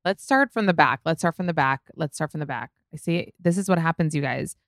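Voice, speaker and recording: Chatty low-voiced woman with an Israeli accent. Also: a little fast, no echo, clean studio sound. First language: Hebrew. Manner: chatty, swearing, heavy use of "like". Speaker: podcast host. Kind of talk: solo podcast chat.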